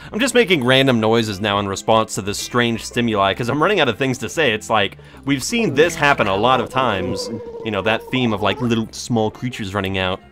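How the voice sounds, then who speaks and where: A man's voice: mid-range voice, lively intonation, brisk, few pauses, over music. A young man giving casual, jokey gameplay commentary with sarcastic, rambling asides. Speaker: let's play host.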